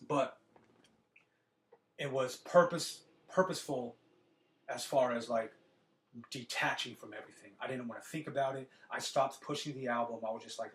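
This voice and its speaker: A man hosting a podcast, speaking in a profane, animated casual monologue with a lot of repeated words. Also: medium pitch, moderate pace, long pauses. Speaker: podcast host. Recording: roomy echo.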